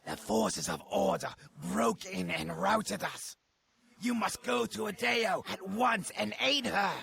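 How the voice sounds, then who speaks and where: A man's voice: high-pitched, slow pace, creaky, sharp tone, husky, full character voice. An actor playing an urgent male servant in a studio game, pleading for help.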